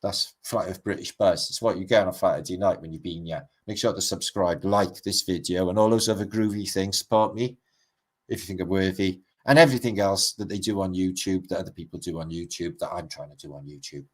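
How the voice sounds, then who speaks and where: Welsh man, middle-aged, low-pitched voice, rambling, swearing, livestream host chatting to comments. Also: brisk. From Wales. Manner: rambling, sweary, greets chat by name. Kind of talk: casual livestream chat reading out comments.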